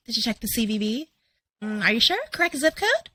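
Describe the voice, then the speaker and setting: A woman's voice: on the high side, big pitch swings, brisk, pushed and bright, no echo, heavily acted, low-quality recording. A woman voicing an overly polite female call-center agent, with a sweet, scripted customer-service manner. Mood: sugary polite.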